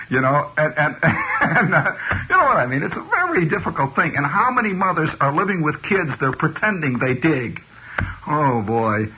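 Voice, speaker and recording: A man's voice: a little high, slightly rough. A man delivering a rambling comic radio monologue. He digresses constantly and keeps restarting with "you know". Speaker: radio host. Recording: dull lo-fi old radio recording.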